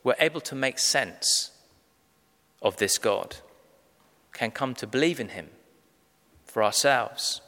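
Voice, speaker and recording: Guy preaching, emphatic, leans on key words, bright voice. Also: mid-range voice, animated. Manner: measured, emphatic, slows down on key phrases. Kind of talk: sermon. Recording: long reverb of a large hall.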